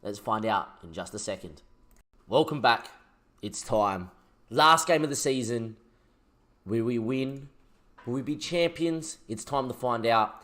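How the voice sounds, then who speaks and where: A man, commentating his own football management game as a let's play, shouting when goals go in. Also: mid-range voice, lively intonation, unhurried, long pauses. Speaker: gaming YouTuber.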